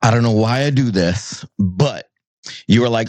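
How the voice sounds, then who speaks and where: A man from New Hampshire, a podcast guest, talking in an energetic, playful way and mimicking voices. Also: fairly low pitch, moderate pace, dry recording. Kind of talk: casual podcast chat.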